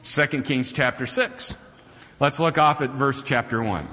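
A male preacher delivering a sermon with animated, chuckling storytelling. His voice is bright and forward, and a long reverb hangs in the hall. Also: medium pitch, moderate pace.

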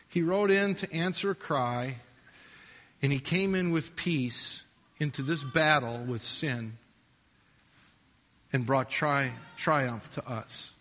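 High bright-voiced preacher in a reverberant hall. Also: male voice. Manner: emphatic, rises and falls between loud declaiming and quiet asides. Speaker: pastor. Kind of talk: sermon.

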